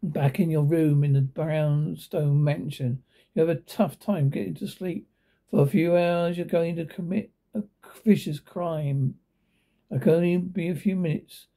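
A man's voice: on the high side, fairly even intonation, unhurried, dark tone. A man reading a hard-boiled, second-person horror story aloud, now and then stumbling over his words.

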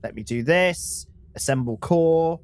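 A man's voice: fairly high pitch, measured pace, dry recording. A man co-hosting a modded game let's play, chatting casually and laughing often. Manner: animated, laughing often, playful. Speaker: co-host of a gaming channel. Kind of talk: casual gameplay chat.

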